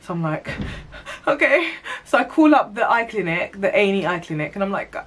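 A woman's voice: medium pitch, brisk, a little hiss or hum. Slangy woman telling a story. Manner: animated, slangy, self-mocking. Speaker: vlogger. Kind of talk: storytime monologue.

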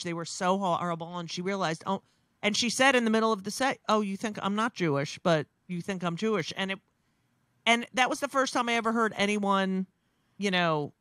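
A woman's voice: mid-range voice, fairly bright tone, no room sound, clean studio sound. A woman, a comedian talking bluntly and profanely in casual chat, with many restarts. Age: 60s. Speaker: comedian guest.

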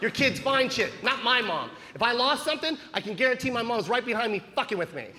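A man doing stand-up comedy on a theatre stage with a handheld mic, telling animated, profane stories. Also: very high-pitched, fast talker. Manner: animated storytelling, swearing freely. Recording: big hall with loud crowd and noise.

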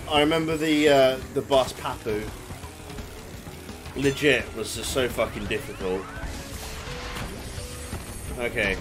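A man giving excitable, swear-heavy let's play commentary, yelling at the game as he plays. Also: medium pitch. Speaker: gaming YouTuber. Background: game music.

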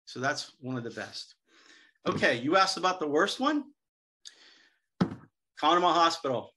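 A middle-aged man speaking as a seminar guest, telling lively anecdotes about selling to hospitals and acting out the dialogue. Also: on the high side, unhurried, a little hiss or hum. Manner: lively storyteller, acts out quoted dialogue.

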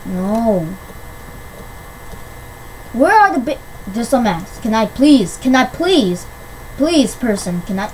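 A woman giving casual gameplay commentary, excitable and quick to shriek when things go her way. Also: a little high, slight background noise, poor audio. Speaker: gamer. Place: at home on a PC.

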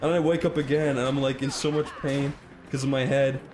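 Here the same kind of speaker, a young man from Ireland with an Irish accent, co-hosts a game stream and laughs through a rambling, casual story told over the gameplay. His mid-range voice stays fairly flat and quick against a noisy background.

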